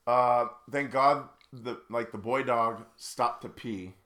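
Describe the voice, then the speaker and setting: A man's voice: medium pitch, slow, reverberant. A man co-hosting a podcast, telling casual stories animatedly and laughing along. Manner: animated, laughs through his own stories. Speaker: podcast co-host. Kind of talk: casual chat, storytelling.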